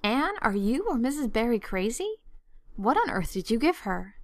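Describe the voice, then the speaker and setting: Woman reading a sharp, clipped, stern older woman for a storybook. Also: on the high side, big pitch swings, normal speed, dry recording, clean studio sound.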